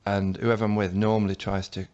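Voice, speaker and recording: A man's voice: fairly low pitch, flat delivery, fairly quick, a little mellow, smooth, lo-fi sound. Rambling male comedian guest. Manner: rambling, hesitant storytelling with fillers. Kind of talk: casual radio chat.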